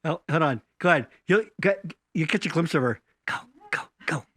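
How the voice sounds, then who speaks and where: Lively high-voiced man joking on a stream. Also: brisk, no echo, clean studio sound. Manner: rambling, mock-pleading bits, crude jokes. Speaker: co-host of a live stream. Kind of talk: crude comedic banter. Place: home basement studio.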